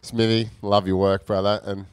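An Australian man chats as a guest on a live podcast show in a pub. He sounds laid-back and friendly, with a smooth, resonant voice. The sound is close and dry. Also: on the low side, level tone, moderate pace, dry recording. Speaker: guest, pro surfer. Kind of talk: casual chat.

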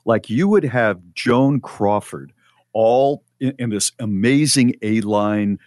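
A man co-hosting a radio talk show, telling a story in a measured, reflective way. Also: lowish voice, darkish tone, dry recording, studio quality. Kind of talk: casual chat.

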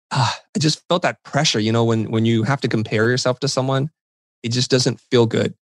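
A middle-aged man recounts his experiences as a podcast guest, slipping into quoted dialogue and poking fun at himself. His voice is mid-pitched and even. The recording is dry and close, with no room sound. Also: no echo. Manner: animated, self-deprecating anecdotes with quoted dialogue. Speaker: interview guest. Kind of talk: conversational storytelling.

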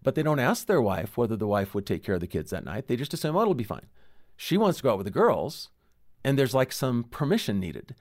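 Brisk, animated male professor guest. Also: medium pitch. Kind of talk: interview, teaching tone.

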